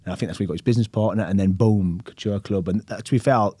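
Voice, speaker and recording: A man, telling stories as a podcast guest in a casual, animated way and acting out other people's lines. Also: on the low side, very fast, breathy edge, dry recording, studio quality. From England.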